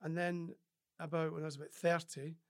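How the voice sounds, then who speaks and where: Fairly quick and a little high, this man's level-toned voice carries casual interview stories from his days as a rugby player in Scotland. He's a podcast guest who impersonates what others said, and he restarts his sentences often, peppering them with fillers.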